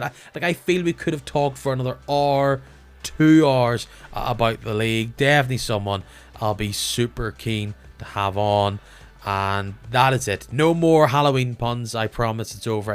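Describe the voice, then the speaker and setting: A man hosting a podcast, chatting casually and playfully as he signs off. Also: mid-range voice. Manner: chatty, lively sign-off with playful asides. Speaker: podcast host.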